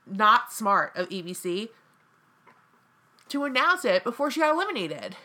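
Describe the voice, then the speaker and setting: A woman's voice: medium pitch, sharp tone. A woman co-hosting a casual podcast chat, talking in a chatty, dramatic way with lots of "like.". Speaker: co-host.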